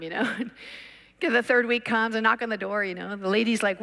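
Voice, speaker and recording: A woman's voice: medium pitch, fairly quick, vocal fry, a bit bright. A woman preacher telling a story in a conference sermon, acting out the people she talks about. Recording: long reverb of a big hall.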